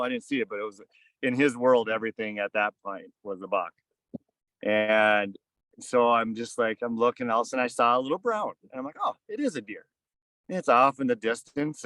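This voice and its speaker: A man's voice: lowish voice, no echo, low-quality recording. Rambling man telling a hunting story. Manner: rambling, filler-heavy, hushes voice for quoted asides. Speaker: podcast guest. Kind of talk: casual storytelling. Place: outdoors on a fishing boat.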